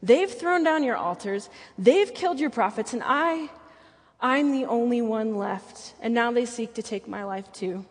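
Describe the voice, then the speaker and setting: A woman's voice: a little high, expressive, measured pace, in a large hall. A woman putting on the voice of a self-pitying male prophet who complains in an overwrought way. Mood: melodramatic.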